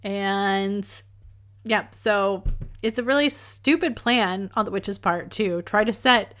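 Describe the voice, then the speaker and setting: A woman talks through an old movie in easy, casual chat, giggling between lines and keeping it light and playful. Her pitch sits in an ordinary middle range for a woman. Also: slow pace, a bit bright.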